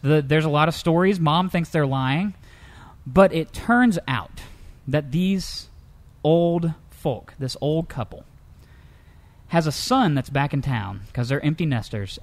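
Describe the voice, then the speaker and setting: Lively young-sounding man telling funny stories. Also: unhurried. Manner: lively storyteller, jumps into high pitch for characters. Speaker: co-host. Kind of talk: comedic news-story chat.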